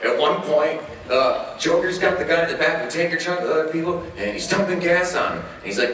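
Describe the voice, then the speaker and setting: A man in his thirties telling comedic stories on a convention panel, animated and laughing often, swearing freely. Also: fairly high pitch, brisk, few pauses, a little hiss or hum. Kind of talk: casual comedic storytelling. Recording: echoey room from far off.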